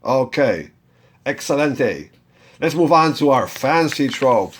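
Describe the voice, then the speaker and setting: A man's voice: mid-range voice, expressive, slow pace, slight background noise. A man teaching a step-by-step chanting lesson, patiently talking learners through each step and having them repeat after him. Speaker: Torah reading teacher.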